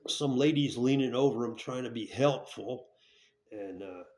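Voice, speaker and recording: A man's voice: medium pitch, normal speed, a little mellow. A man telling a hard story from his own past in a blunt, profane way. He rambles, restarts his sentences and keeps asking "right?". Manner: checks in with tag questions. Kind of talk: candid storytelling.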